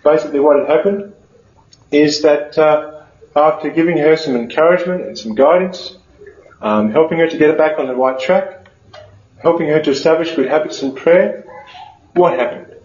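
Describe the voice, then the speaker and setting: A male Catholic priest with a somewhat high voice tells stories in a relaxed, conversational sermon, stopping and restarting as he goes. His voice rings in an echoey room. The recording is dull and muffled. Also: normal speed, pauses often. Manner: conversational, with frequent fillers and restarts. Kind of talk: storytelling sermon.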